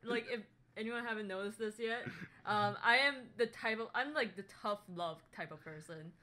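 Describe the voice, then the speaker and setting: A woman's voice: mid-range voice, moderate pace, pushed and bright. A woman co-hosting a casual podcast, talking bluntly and swearing freely. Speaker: podcast co-host. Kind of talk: casual chat.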